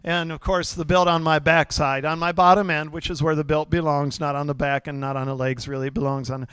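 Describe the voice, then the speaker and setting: A man's voice: fairly high pitch, little pitch movement, brisk, fairly bright tone, clean tone, no echo, studio quality. A middle-aged man preaching a sermon in a folksy, joking way with lots of fillers. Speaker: pastor.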